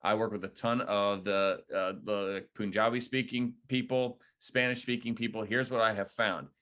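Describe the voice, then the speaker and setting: A man leading a real estate agent training, coaching in a direct, energetic way. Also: on the low side, moderate pace. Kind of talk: training debrief talk.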